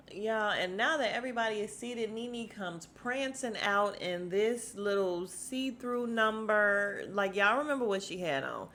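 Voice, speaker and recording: A young adult woman hosts a podcast, recapping a reality TV episode in a chatty, slangy style and addressing listeners as "y'all." Her mid-range voice is a bit bright, measured in pace with hardly any pauses, and there's a little hiss or hum.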